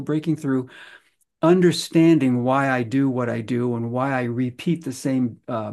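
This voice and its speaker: Gravelly-voiced man telling stories. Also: medium pitch, a little mellow. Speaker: guest, stress-release practitioner. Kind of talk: casual interview storytelling.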